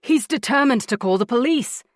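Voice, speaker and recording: A woman voices a firm young man, pitching her natural voice above her own usual range. She sounds on the high side and expressive, speaking at a moderate pace on a dry, studio-quality recording.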